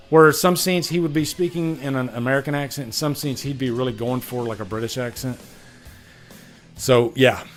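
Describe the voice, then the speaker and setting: A man's voice: on the high side, fairly bright tone. A man hosting a casual live stream, chatting animatedly about movies he saw and answering viewers.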